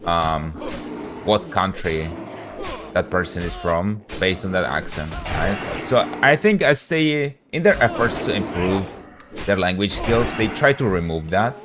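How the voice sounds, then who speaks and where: A man's voice: low voice, lively intonation, a little slow, over music. A man from Europe, a game streamer, chatting casually with his live audience in a rambling, laid-back way full of slang.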